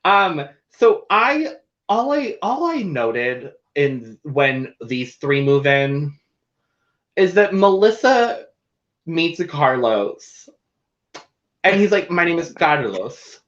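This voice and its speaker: A man co-hosting a casual recap show, chatty and animated, with playful asides. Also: fairly high pitch, extremely slow. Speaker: podcast co-host. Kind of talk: casual chat. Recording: dull lo-fi audio.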